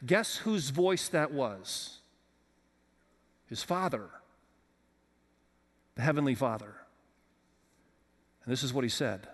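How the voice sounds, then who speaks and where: A man's voice: medium pitch, animated, slow, long pauses, big-room sound. A man preaching a sermon as pastor, talking conversationally and putting questions to the congregation. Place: church with several campuses.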